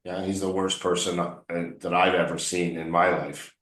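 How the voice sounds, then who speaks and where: A man's voice: sits low, little pitch movement, normal speed, fairly bright tone. A man coaching English one on one, patiently explaining words and drilling pronunciation by repeating them. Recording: roomy echo.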